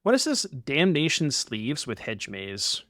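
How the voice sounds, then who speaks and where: Lively, easygoing young man streaming. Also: mid-range voice, a little slow, no echo, clean studio sound. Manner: rambling, easygoing, swears casually. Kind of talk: casual game commentary and chat with viewers.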